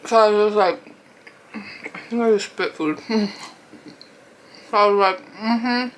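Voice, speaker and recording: A woman's voice: mid-range voice, measured pace, slight background noise, low-quality recording. A young woman vlogger casually telling a rambling story while eating, laughing often and acting out what people said. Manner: chatty, rambling, lots of "like" and quoted dialogue. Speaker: mukbang vlogger.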